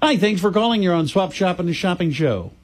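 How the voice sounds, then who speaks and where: A man's voice: high-pitched, expressive, a little fast. A man hosting a call-in radio swap show, folksy and stammering when flustered. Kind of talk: casual call-in radio chat.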